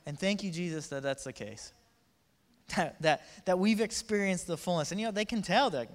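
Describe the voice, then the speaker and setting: A man's voice: fairly high pitch, animated, normal speed, pauses often. A man preaching a casual, joking sermon, acting out the quotes in voices. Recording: reverberant hall.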